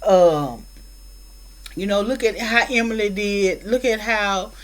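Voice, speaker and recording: In a rough recording, a female film reviewer slowly recounts a movie's plot in a rambling, casual way, full of fillers and acted-out quotes, with features. Her voice sits in the middle range and sounds a bit bright.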